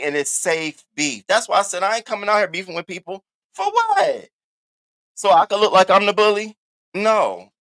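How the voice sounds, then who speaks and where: A man hosting a casual live commentary stream, talking in an animated, sassy and profane way, repeating catchphrases and swinging his voice up high for emphasis. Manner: animated, sassy and profane, with big swoops in pitch. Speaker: livestream host.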